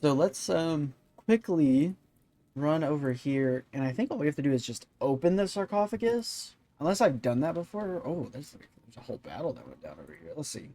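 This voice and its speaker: A man's voice: on the high side, big pitch swings, moderate pace, dark tone. A man hosting a let's-play video, rambling and thinking aloud with many fillers. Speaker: gaming channel host.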